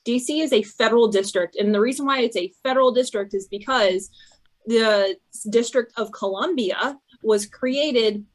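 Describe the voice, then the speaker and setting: A woman's voice: a little high, poor audio. Blunt, scornful woman podcast co-host. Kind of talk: casual political chat.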